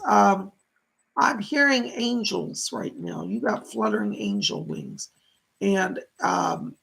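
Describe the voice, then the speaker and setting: A man's voice: high voice, vocal fry, a bit bright, slightly rough. A middle-aged man hosting a live stream of psychic readings, gushing as he thanks viewers by name. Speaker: psychic medium host.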